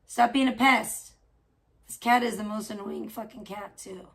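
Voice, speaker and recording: A woman chats to her livestream viewers from her home, her voice sitting a touch high. She gossips loosely and swears often, breaking off now and then to scold her cat. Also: steady tone, unhurried. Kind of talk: casual livestream chat. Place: at home indoors.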